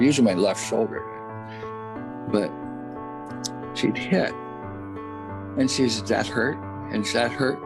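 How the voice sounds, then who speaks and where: A man as an interview guest, earnestly recounting a personal experience, halting and restarting often. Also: on the low side, creaky.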